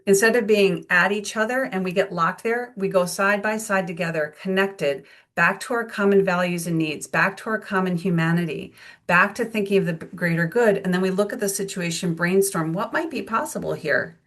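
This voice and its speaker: A woman in her forties leads a workshop in a gentle, reflective teaching voice. She sits at a middle pitch and often slips into the voices she quotes. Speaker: workshop presenter. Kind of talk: guided teaching talk.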